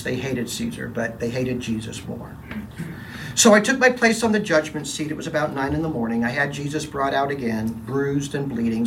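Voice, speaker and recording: A man's voice: medium pitch, distant mic, a little hiss or hum, natural voice, poor audio. A man playing a troubled, defensive middle-aged Roman governor in a first-person dramatic monologue, telling his story in a brooding, confessional way with emphatic quoted lines.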